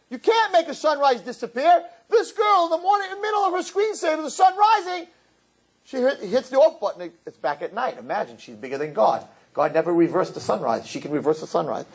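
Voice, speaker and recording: A middle-aged rabbi giving an animated sermon in a synagogue, joking with the audience and acting out quotes in high voices. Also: male voice, slightly rough. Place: synagogue hall.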